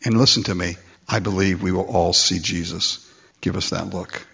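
A man preaching a sermon, animated and acting out the voices in the story. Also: sits low, normal speed, gravelly, slightly rough. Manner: animated, acts out voices in quotes. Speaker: pastor. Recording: dull lo-fi recording.

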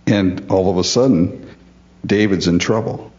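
A middle-aged man preaching a sermon, animated and chuckling often as he acts out the psalmist's words. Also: low voice, unhurried. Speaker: pastor. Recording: dull lo-fi sound.

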